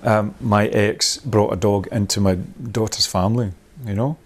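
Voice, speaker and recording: A man's voice: lowish voice, steady tone, unhurried. A man leading a workshop, thinking aloud in a rambling, discursive way, with many restarts, and laughing at his own points. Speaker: workshop leader.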